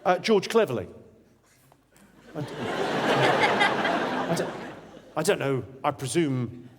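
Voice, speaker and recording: A man does stand-up crowd work, needling audience members with blunt, profane jokes. His voice sits slightly high and carries through a large hall with a long reverb tail. A loud, laughing crowd and heavy noise fill the recording. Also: big pitch swings, takes it slowly. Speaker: stand-up comedian.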